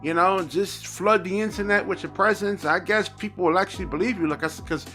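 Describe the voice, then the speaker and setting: Man, fairly high voice, exasperated basketball rant with repetitive phrasing. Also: fairly quick, bright, forceful tone, soft background music. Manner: exasperated, repetitive, says 'man' often. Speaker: basketball commentator. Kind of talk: reaction rant on video.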